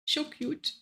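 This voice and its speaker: A woman streaming a game, chatting casually and playfully with the other players and her viewers.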